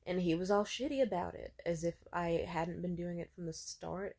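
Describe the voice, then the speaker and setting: Low-pitched young woman rambling casually. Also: a little mellow. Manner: rambling, profane, heavy on filler words. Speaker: vlogger. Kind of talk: casual monologue.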